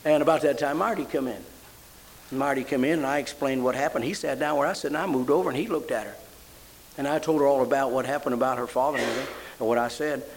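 This fast-talking older man is preaching, recorded roughly with slight background noise. He narrates a story, then rises fervently into praise and high emotional exclamations.

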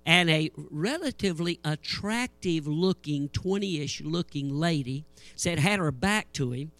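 Older preacher guy telling funny church stories, high voice, very dry close sound. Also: unhurried, no echo. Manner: folksy, animated, acts out voices in anecdotes. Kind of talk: humorous sermon storytelling.

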